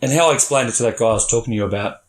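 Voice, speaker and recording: A middle-aged man speaks as a podcast guest, candid and blunt, with swearing dropped freely into animated stories. His voice sits at an ordinary middle pitch. The room around him is noticeably echoey. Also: racing. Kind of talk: candid storytelling chat. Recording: roomy echo.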